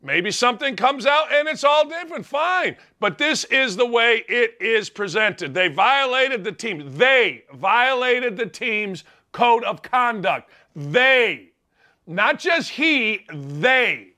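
A man's voice: very high-pitched, animated, slow, few pauses, pushed and bright. A middle-aged man hosting a sports talk show, ranting in an opinionated monologue full of rhetorical questions. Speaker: sports radio host.

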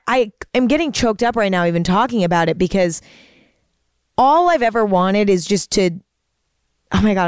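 A woman hosts a podcast alone, talking in a casual, heartfelt ramble full of "you know" and restarts. Her voice is smooth and clear, at an ordinary pitch for a woman. It is recorded close on a microphone in a dry space with no echo. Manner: earnest, rambling, many fillers and restarts. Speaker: podcast host. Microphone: studio microphone.

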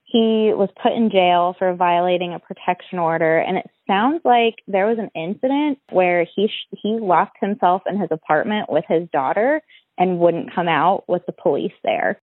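A woman's voice: lowish voice, moderate pace, dry recording. Woman on a tinny phone line. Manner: rambling, many "like" fillers, restarts. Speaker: guest. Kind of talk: personal account in an interview.

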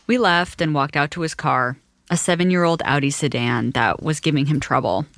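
A woman reporter narrating a documentary story in a measured, wry storytelling voice. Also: sits low, a bit bright, dry recording, studio quality.

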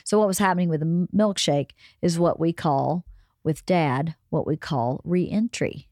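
A woman's voice: sits low, a little slow, a little mellow, no room sound, clean studio sound. A middle-aged woman hosting a casual family podcast chat, explaining feelings in a coaching way. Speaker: podcast host, mother.

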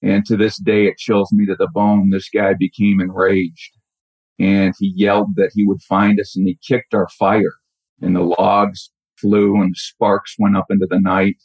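Husky-voiced man recalling a story. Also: sits low, completely flat delivery, no room sound. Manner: halting, reflective, many restarts. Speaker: caller telling a true story. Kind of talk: personal storytelling. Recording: dull lo-fi audio.

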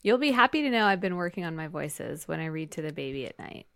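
A woman co-hosting a casual chat, easygoing and quick to laugh. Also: fairly low pitch, lively intonation, fairly bright tone, dry recording, clean studio sound. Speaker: co-host.

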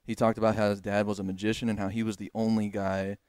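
A man with a fairly low voice tells a loose, rambling story as a podcast guest, full of restarts and asides. The recording is dry and close. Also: little pitch movement, fast, darkish tone, smooth, dry recording. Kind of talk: casual chat.

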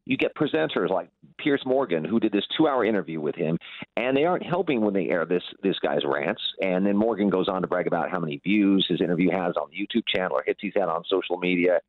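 Low-voiced man reporting down a tinny phone line. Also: lively intonation, no room sound. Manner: conversational, halting with fillers and repeats. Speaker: news correspondent. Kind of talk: live news interview over the phone. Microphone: telephone.

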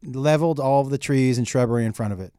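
Animated man telling a story, dry sound. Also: medium pitch, fast, clear, resonant tone, no echo. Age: middle-aged. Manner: animated storyteller, acts out dialogue, profane. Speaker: comedian guest. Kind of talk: casual storytelling chat.

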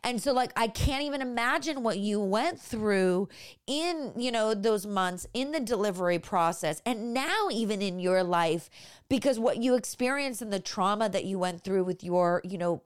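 A woman's voice: mid-range voice, lively intonation, normal speed, clear, resonant tone. A woman in her thirties, an expecting mother, talking candidly in casual chat with frequent fillers and restarts. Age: 30s. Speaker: podcast guest, expecting mother.

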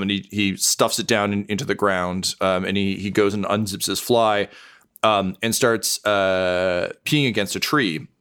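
A man's voice: lowish voice, a bit bright, clear, resonant tone. A man as game master, improvising narration with many fillers and restarts. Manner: rambling, many fillers, chuckling.

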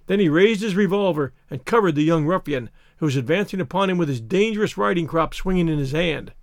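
A man narrating a story aloud in a steady, measured way. His voice is fairly high for a man, and the recording is dry and close, with no room echo. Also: creaky. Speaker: audiobook narrator. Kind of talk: scripted narration.

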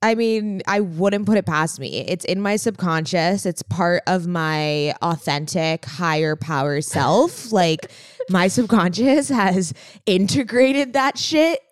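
A woman's voice: on the low side, slow, dry recording, studio quality. A young woman co-hosting a podcast, chatting casually and playfully with her sister, often laughing and swearing. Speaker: podcast co-host.

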